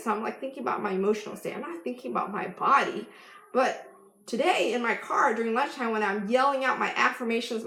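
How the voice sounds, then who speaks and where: A woman life coach giving an emphatic motivational vlog talk, laughing often. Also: a little high. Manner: bursts into loud yelled affirmations. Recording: echoey room.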